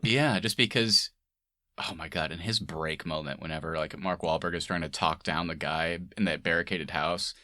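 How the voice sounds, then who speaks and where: A young man co-hosting a podcast, chatting casually about movies, laughing often and mimicking characters in a high voice. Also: normal speed, bright, forceful tone, no room sound, studio quality. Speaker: podcast co-host. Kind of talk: casual movie review chat.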